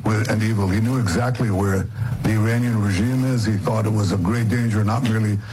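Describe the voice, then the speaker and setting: A man giving an earnest, halting tribute as an interview guest, often repeating himself. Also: fairly low pitch, steady tone, background noise.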